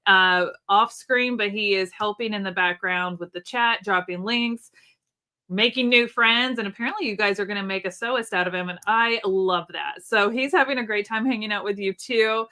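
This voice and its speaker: Hosting a live online sewing event from a Nashville sewing desk beneath an air-conditioning vent, a woman speaks at normal speed in a mid-range, pushed, bright voice. She chats in a friendly way with viewers, reads their comments aloud, and demos products, saying "um" often.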